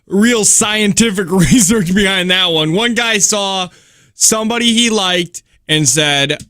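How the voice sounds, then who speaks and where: Bright-voiced wisecracking male co-host. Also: sits high, no echo, clean studio sound. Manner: wisecracking, quick comebacks, laughs at own jokes. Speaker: radio show co-host. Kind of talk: casual morning radio banter. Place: radio studio. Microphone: studio microphone.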